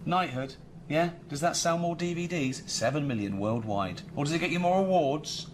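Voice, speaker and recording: A middle-aged man with a Reading accent playing a vain, self-important comedy star, talking in a dry, deadpan way. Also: fairly high pitch, normal speed, background noise, close to an everyday voice. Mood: smug. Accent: Reading, England. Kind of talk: sitcom acting.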